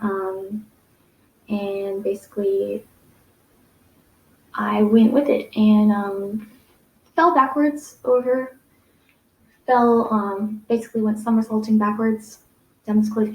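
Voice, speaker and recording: A woman's voice: mid-range voice, gravelly, highs cut off. A young adult woman telling a personal story to camera, rambling with many fillers and restarts. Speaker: vlogger. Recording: echoey room.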